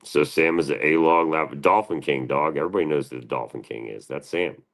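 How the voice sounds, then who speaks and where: A man's voice: a bass voice, fairly quick, a bit bright. A man hosting a livestream, answering his chat in a profane, combative and defensive rant. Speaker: livestream host.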